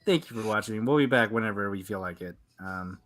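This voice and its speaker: A man's voice: fairly low pitch, fairly quick, a bit bright. A man co-hosting a podcast stream, telling stories animatedly and laughing easily. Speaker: podcast co-host. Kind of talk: casual live-stream chat.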